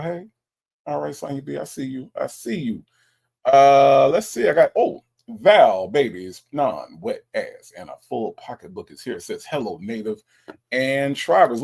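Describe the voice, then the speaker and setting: A man's voice: mid-range voice, gravelly, a little mellow, husky. A man hosting a livestream in a casual way, greeting viewers by name as he reads their chat messages aloud and teasing them playfully. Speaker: livestream host.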